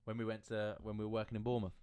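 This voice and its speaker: A man's voice: on the low side, rapid-fire, clean tone, no room sound. A man, a podcast co-host, telling stories in casual banter with lots of laughing and swearing. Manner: laughing, swearing, animated storytelling.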